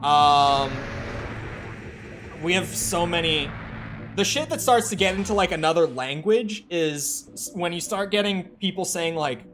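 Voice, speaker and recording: A man's voice: sits high, animated, measured pace, fairly bright tone, a little hiss or hum. Rambling Minnesotan man streaming games. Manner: rambling, filler-heavy, with frequent "like". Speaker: game streamer. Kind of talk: casual chat while playing.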